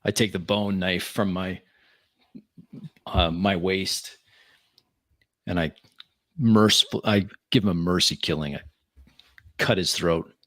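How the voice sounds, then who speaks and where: A man's voice: deep voice, steady tone, takes it slowly, long pauses, a bit bright, no echo. A man playing a tabletop game in character, blunt and casual. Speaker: player.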